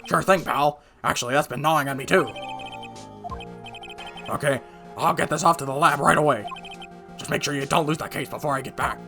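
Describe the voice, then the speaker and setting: A man's voice: fairly high pitch, brisk, creaky, long pauses, over music. A man voicing a restless, eager male police detective who talks in a chummy way. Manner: chummy, calls people pal. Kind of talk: fan voice-over of a game.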